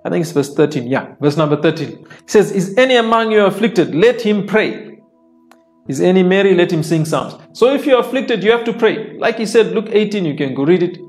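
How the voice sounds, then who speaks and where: Preacher, male, slightly high voice, plain explanatory sermon delivery, quiet worship music bed. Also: expressive, a little fast. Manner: reads scripture aloud and explains it plainly; repeats phrases for emphasis. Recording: soft worship music underneath.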